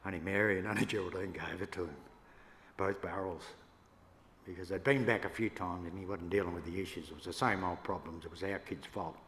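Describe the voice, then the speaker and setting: An older Australian man, a First Nations elder, telling stories to an audience in a relaxed, yarning way with laughs between them. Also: low-pitched, a little fast. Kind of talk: storytelling talk to an audience. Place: church hall. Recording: echoey hall, faint room noise.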